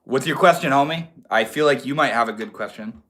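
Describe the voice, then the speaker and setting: A man's voice: mid-range voice, fairly quick, a bit bright. A young man from Maine hosting a casual livestream, chatting in a slangy, laid-back way and answering viewers. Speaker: livestream host.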